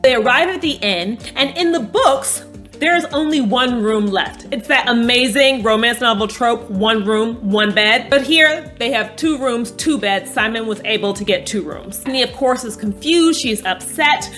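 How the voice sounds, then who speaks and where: A woman chatting casually as she recaps a TV episode, animated and playful, bursting into dramatic emphasis and swearing bluntly. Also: a little high, unhurried, soft background music. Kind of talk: casual chat.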